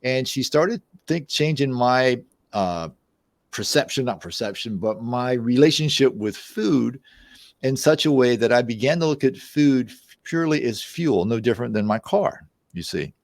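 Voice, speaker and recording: Speaking in a medium-pitched, expressive voice, a man in his sixties unhurriedly tells personal stories as a podcast guest. He's a mind-body therapist with an easygoing, anecdotal style that includes restarts. His voice is creaky, and there's no echo.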